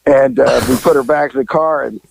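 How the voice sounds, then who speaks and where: A man's voice: mid-range voice, fairly even intonation, brisk, vocal fry, slight background noise. An older man, a former detective, telling rambling, profane anecdotes in casual chat. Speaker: retired detective telling stories. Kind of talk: casual storytelling.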